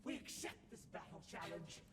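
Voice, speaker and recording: A man voicing a pompous, irritable male computer lizard in a video game, speaking haughtily and bursting into shouts. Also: moderate pace, music in the background, close to an everyday voice. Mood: haughty.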